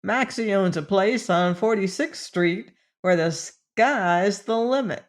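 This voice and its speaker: A woman's voice: medium pitch, takes it slowly, natural voice. A woman voicing a brash, slangy young man on the make in an audiobook, with a cocky street manner. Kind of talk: audiobook character voice.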